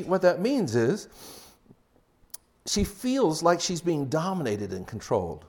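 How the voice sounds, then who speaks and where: Older male pastor, loud then hushed. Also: a little high, unhurried. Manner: animated, swings from loud mocking quotes to hushed storytelling. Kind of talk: sermon on marriage.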